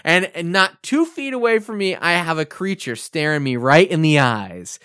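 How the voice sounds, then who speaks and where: A man's voice: fairly high pitch, moderate pace, clear, resonant tone, no echo, clean studio sound. A man co-hosting a podcast, telling a childhood story in casual chat and acting out the lines people said. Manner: animated storyteller who acts out quoted lines. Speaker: podcast co-host.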